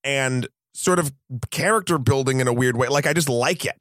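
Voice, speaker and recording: A man's voice: medium pitch, moderate pace, a bit bright, dry recording, studio quality. A man from New England with a light local accent, co-hosting a movie podcast in casual chat, retelling scenes and swearing freely. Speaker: podcast co-host.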